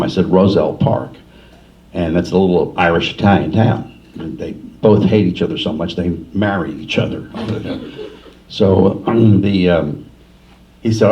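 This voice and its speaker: A man's voice: sits low, unhurried. An older man from New Jersey, an author at a library forum, telling rambling, self-deprecating stories in casual talk. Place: library meeting room. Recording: distant, muffled room recording with faint hiss.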